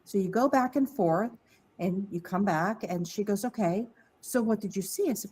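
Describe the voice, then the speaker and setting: A woman telling a candid personal story on a podcast, lively and quoting others in her tale. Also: medium pitch, normal speed, husky, low-quality recording. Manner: candid, animated, mimics voices in quotes. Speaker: podcast guest. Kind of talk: casual storytelling.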